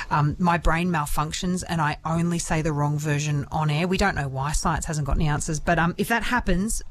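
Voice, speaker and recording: A woman's voice: sits low, a little hiss or hum. Chatty Australian woman radio host. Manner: chatty and self-deprecating, laughs easily. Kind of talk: casual radio chat.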